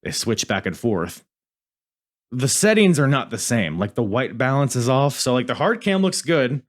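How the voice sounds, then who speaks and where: A man talking into a podcast microphone in a loose, rambling review chat. His voice sits at a plain middle pitch, and he swears casually and often stops to restart his sentences. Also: sing-song, normal speed. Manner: rambling, profane, self-interrupting. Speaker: podcast host.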